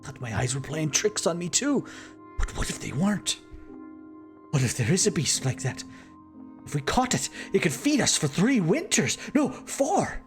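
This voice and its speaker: A man voicing an excitable male crewman who speaks breathlessly and insistently. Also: a little high, normal speed, pauses often, soft background music. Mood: excited insistent.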